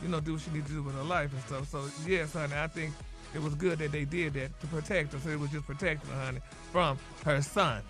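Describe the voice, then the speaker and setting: A man's voice: on the high side, steady tone, quick pace, fairly bright tone, faint music behind. A man hosting a gossip segment on a radio morning show, flamboyant and dropping "honey" and "y'all" into nearly every sentence. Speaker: celebrity gossip segment host.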